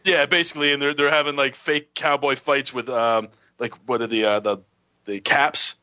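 A man's voice: medium pitch, fairly even intonation, moderate pace, sharp tone, a little hiss or hum. A young man co-hosting a podcast in casual chat, joking and often restarting his sentences. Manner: hesitant, repeats words, joking. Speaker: podcast co-host.

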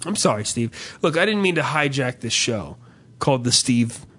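A man's voice: medium pitch, moderate pace, husky. Profane ranting man on a podcast. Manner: profane, ranting, animated storytelling. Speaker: podcast co-host. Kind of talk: casual comedic chat.

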